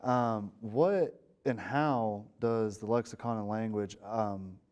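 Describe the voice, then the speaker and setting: A man's voice: lowish voice, slow pace, darkish tone, highs cut off. A man hosting an interview, asking long, rambling questions with fillers. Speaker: interviewer host.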